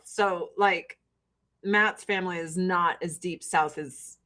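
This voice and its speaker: A streamer from Joliet, Illinois, with a Chicago-area Midwestern accent, casually answers viewer chat, blunt, profane and laughing often. Her voice is lowish and sharp-toned, and she speaks at a slow pace.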